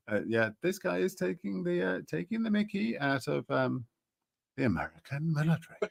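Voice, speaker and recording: A man's voice: a little high, sing-song, normal speed, creaky. A man hosting a casual commentary show, sarcastic and rambling, with frequent hesitations. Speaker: host.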